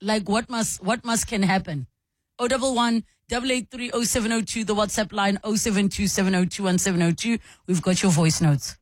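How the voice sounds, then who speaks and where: A woman's voice: mid-range voice, brisk, dry recording. Woman hosting call-in radio. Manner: reads listener messages aloud, chatty and animated. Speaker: radio show host.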